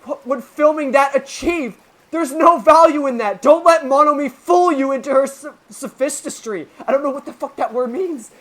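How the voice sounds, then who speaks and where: A performer voicing a hot-headed, defiant young male film director in a game dub, talking loud and forceful. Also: mid-range voice, animated, slow pace, few pauses. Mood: pleading. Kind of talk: dramatic video game voice-over reading.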